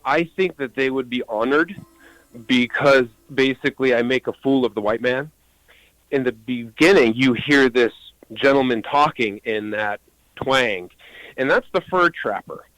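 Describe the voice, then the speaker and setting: A man's voice: mid-range voice, measured pace, fairly bright tone, dry recording, faint music behind, low-quality recording. Male puppeteer interviewee; eager and talkative, recorded dry. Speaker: puppeteer guest. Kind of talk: interview answers.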